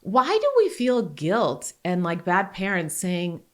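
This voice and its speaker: A woman in her forties telling personal stories in a casual, animated way as a podcast guest. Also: on the low side, slow pace. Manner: animated, grows excited then softens. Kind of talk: casual conversational storytelling.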